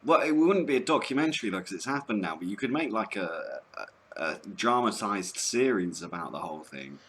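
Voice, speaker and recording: Deep-voiced man, halting chat. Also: lively intonation, fairly bright tone. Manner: hesitant, halting, crude jokes. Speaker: guest. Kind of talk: casual podcast chat.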